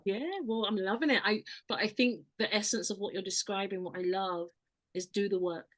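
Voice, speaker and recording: A woman hosting a podcast, speaking in a slow, reflective way that turns lively when she retells stories. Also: mid-range voice. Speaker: podcast host. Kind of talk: conversational interview.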